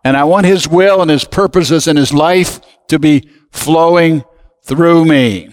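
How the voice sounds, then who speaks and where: Male pastor, slightly high voice, very slow deliberate sermon delivery, long hall reverb. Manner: slow, emphatic preaching with call-and-response.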